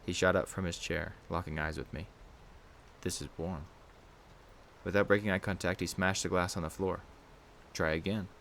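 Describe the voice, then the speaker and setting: A man giving a steady, measured first-person reading of a scary story as the channel's narrator. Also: deep voice, creaky, slight background noise. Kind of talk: scripted horror narration.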